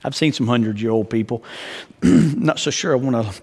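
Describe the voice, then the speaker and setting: A man's voice: mid-range voice, moderate pace, darkish tone, slightly rough, in a large hall. A man pastor delivering a sermon in an earnest, conversational way, often asking the congregation questions.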